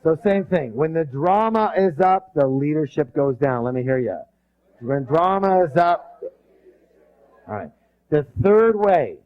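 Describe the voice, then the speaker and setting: Heard through muffled, dull lo-fi audio, a male motivational seminar leader with a high-ish voice runs an energetic call-and-response session. He drills listeners with rhetorical questions and erupts emphatically loud whenever he stresses passion.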